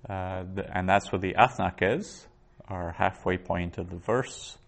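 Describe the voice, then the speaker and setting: Slow, low-voiced man teaching a lesson. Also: creaky. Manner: patient, methodical explaining with frequent restarts. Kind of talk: biblical Hebrew lesson.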